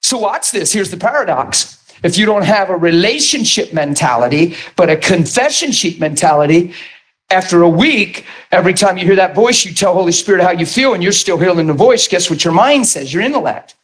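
A man preaching a sermon and telling his testimony in an animated storytelling manner, bursting into shouts at times. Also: sits high, fairly quick.

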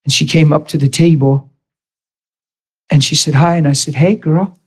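A man's voice: fairly high pitch, steady tone, moderate pace, slightly rough, poor audio. A middle-aged male preacher delivering a sermon, telling stories and acting out the dialogue in them. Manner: storytelling, acts out dialogue with shifts in loudness.

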